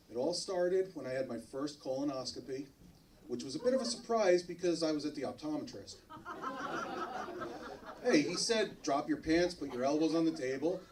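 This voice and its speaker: A man's voice: a little high, recorded from a distance, a little hiss or hum, low-quality recording. A man doing a stand-up comedy set on a club stage, acting out the other people in his jokes. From New Jersey, US. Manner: animated, acts out other characters in his jokes.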